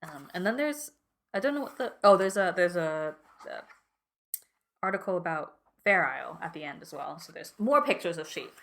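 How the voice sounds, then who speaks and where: Low-voiced young woman, hesitant chat. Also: lively intonation, moderate pace, creaky. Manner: hesitant, self-deprecating, laughs often. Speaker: podcast co-host. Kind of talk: casual chat.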